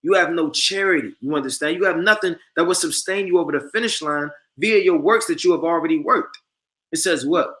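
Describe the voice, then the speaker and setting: Male street preacher, high bright voice, emphatic and repetitive. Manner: emphatic, repeats "man" and "you understand"; reads scripture slowly and forcefully. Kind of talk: street-style sermon.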